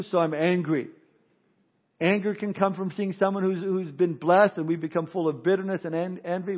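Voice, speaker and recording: A man with a somewhat high voice preaches a sermon, mixing earnest warnings with humorous stories. The recording is dull and lo-fi, with muted highs. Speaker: pastor.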